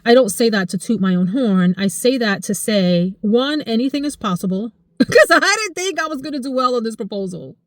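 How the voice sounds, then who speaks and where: Expressive woman in her forties, dry close sound. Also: moderate pace, dry recording. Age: 40s. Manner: expressive and emotional, voice jumping high in excited retellings. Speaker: vlogger. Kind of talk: casual life chat to camera.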